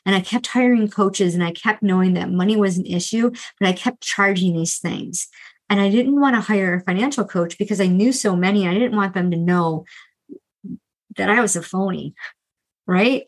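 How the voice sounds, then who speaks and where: This middle-aged financial coach talks earnestly and openly, alone on a podcast, about the debt in her past. She often starts over and throws in brief asides, her medium-pitched voice captured in a rough recording.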